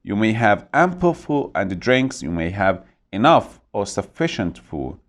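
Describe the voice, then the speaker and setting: A man with a fairly low voice runs an English vocabulary lesson, his pitch swinging up and down as he explains. He says each new word slowly and repeats it so learners can copy the pronunciation. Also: sing-song.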